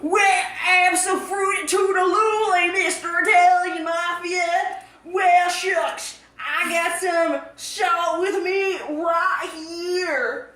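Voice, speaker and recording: A twangy, hollering hillbilly trucker, as a woman acts him out, dim and cheerful, drawling slowly. The room around him rings with echo. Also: very high-pitched, fairly even intonation, fairly bright tone, distant mic, full character voice. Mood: folksy. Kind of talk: comedic fan cartoon voice acting. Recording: roomy echoing room.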